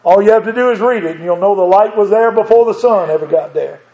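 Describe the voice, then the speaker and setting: A man's voice: sits high, fast, mellow, roomy sound, muffled recording. A man preaching a sermon, tender and then fervent, with an occasional chuckle.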